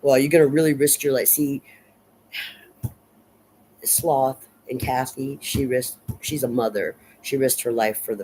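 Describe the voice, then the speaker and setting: A man's voice: medium pitch, slight background noise, rough recording. A man casually recapping and analyzing a horror movie. He rambles, fills gaps with lots of "uh" and "um", restarts phrases and swears now and then. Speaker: film reviewer.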